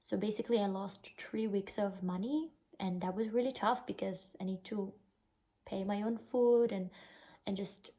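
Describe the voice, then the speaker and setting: Young italian woman venting on her vlog, soft mellow tone, says like a lot. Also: medium pitch, steady tone, moderate pace, rough recording. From Italy. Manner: emotional, recounting a bad experience, lots of "like" fillers. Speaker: vlogger. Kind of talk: casual storytelling vlog.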